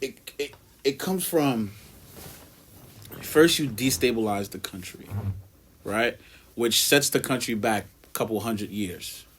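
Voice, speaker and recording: A man's voice: mid-range voice, slow, pauses often, slightly rough. A young man co-hosting a podcast, explaining earnestly step by step with figures. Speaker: podcast co-host. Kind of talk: casual podcast chat.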